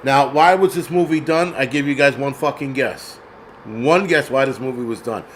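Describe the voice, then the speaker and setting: A man's voice: medium pitch, moderate pace, low-quality recording. Casual male film host, profane and meandering, with faint air conditioning noise. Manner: rambling, profane, searches aloud. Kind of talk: casual livestream commentary.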